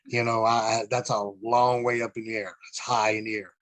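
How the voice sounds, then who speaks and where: A man's voice: lowish voice, little pitch movement, a little fast, fairly bright tone, no room sound. A middle-aged man, a former wrestler, telling rambling stories as a podcast guest, with frequent fillers and some cursing. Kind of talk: casual storytelling interview.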